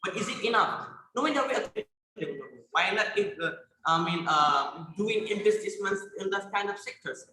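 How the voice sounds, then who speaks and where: A teenage Senegalese boy argues in a debate round over a video call, his voice high and ringing bright. He presses his point with rhetorical questions and often trips over repeated words. The room around him is echoey. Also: animated, fairly quick, a little hiss or hum. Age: teens. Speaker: student debater. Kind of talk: competitive debate speech.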